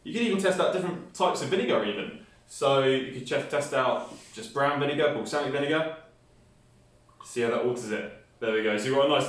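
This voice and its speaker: A man's voice: mid-range voice, a bit bright. A man presenting a hands-on science experiment, explaining each step with enthusiasm. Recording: echoey room, mic at a distance.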